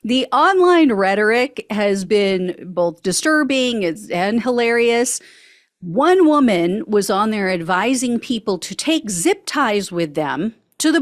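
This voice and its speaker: A woman's voice: on the high side, dry recording, studio quality. A woman hosting a political news show, giving sarcastic commentary and laughing often between lines.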